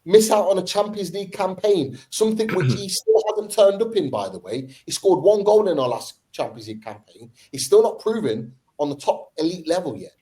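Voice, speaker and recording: A man's voice: high voice, big pitch swings, fairly quick, few pauses, dark tone, rough recording. Passionate man ranting in a fan debate. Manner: passionate, ranting, repeats points for emphasis. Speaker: football podcast host.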